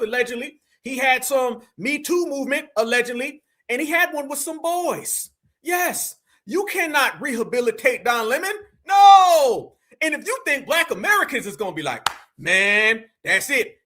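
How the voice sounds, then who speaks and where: A man's voice: very high-pitched, pushed and bright. A man giving an impassioned political commentary monologue, emphatic and repetitive, often speaking straight to his listeners as family.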